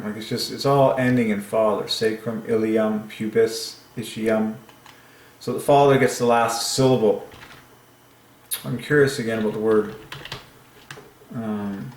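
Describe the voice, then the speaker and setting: A man thinking aloud as he works through counts, musing and halting, with lots of fillers. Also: lowish voice, vocal fry, reverberant. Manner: musing, halting, with frequent fillers and soft laughs. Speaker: channel host.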